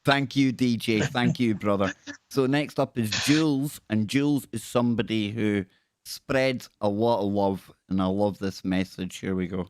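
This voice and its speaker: A man hosting a casual live stream, chatty and quick with thanks, often repeating himself. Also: fairly low pitch, steady tone. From Scotland. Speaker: host.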